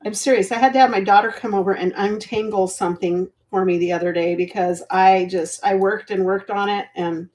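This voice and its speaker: In casual live-selling chat, a middle-aged jewelry auction host rambles cheerfully and laughs at her own fumbles. Her medium-pitched, darkish voice has fairly even intonation, moving fairly quickly with hardly any pauses.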